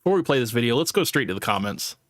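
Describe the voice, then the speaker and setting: A man's voice: mid-range voice, big pitch swings, very fast, no echo, studio quality. A man hosting a live stream in casual talk, rambling with many fillers and restarts, blunt and jokey. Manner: blunt, jokey and self-deprecating.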